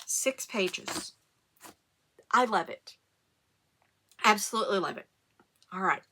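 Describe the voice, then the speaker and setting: A middle-aged woman, hosting a casual knitting podcast and telling animated stories, with the occasional cough and hiccup. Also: mid-range voice, slow, slight background noise. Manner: chatty, animated storytelling with rising excitement. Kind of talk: casual chat.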